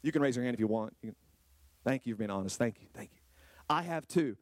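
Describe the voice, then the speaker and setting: A man preaching a sermon to a congregation, firing rhetorical questions and swinging from low, quiet lines to high, drawn-out exclamations. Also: animated, no room sound. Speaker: pastor. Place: church hall with a congregation.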